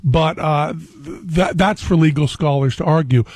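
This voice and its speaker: A man in a radio studio telling stories in casual, animated talk. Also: measured pace, no echo. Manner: animated storyteller, jumps high when excited. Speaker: guest. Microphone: studio mic.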